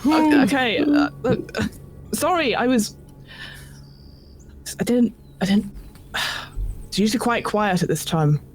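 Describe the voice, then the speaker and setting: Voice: big pitch swings, slow, pauses often, faint music behind. The game master voicing a flustered male hunter with a British accent, stammering and apologetic. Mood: nervous. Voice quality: stammering, apologetic, higher than own voice.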